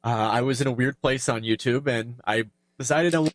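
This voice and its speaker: A longtime YouTuber, a man, speaking in a reflective, halting way with many fillers and restarts as he gets emotional. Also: medium pitch, a little hiss or hum. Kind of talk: reflective personal talk.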